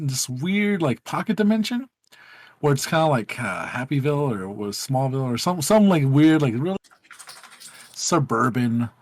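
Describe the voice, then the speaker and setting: A man's voice: mid-range voice, darkish tone. A man co-hosting a gaming podcast in casual group chat, telling a rambling, profane story with many fillers.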